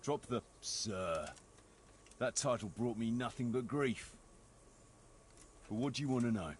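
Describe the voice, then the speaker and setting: An actor playing a bitter, blunt noble knight in a video game, speaking in a wry, sardonic way. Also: male voice, medium pitch, animated, unhurried, slight background noise, lightly acted.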